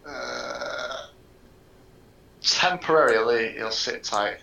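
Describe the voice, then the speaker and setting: A man's voice: mid-range voice, drawn-out words, vocal fry, bright, forceful tone, echoey room, muffled recording. A man playing a tabletop game, unsure of himself and often trailing off mid-sentence. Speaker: player.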